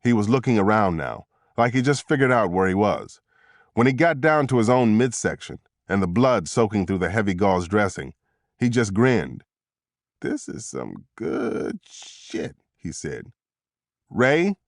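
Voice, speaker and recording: A man narrating a thriller audiobook in the first person, with steady, tense storytelling. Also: fairly low pitch, normal speed, no echo, studio quality.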